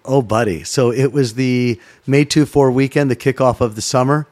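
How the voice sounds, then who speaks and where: A middle-aged man from Canada, a former sports broadcaster, telling a story in a casual chat, animated and swearing freely. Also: medium pitch, normal speed. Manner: animated, swearing, acts out voices in his stories.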